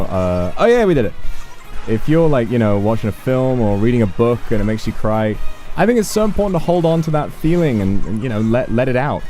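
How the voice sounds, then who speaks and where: A man's voice: on the low side, warm tone. A man streaming a racing game in casual chat, reacting to the race and musing emotionally about a film.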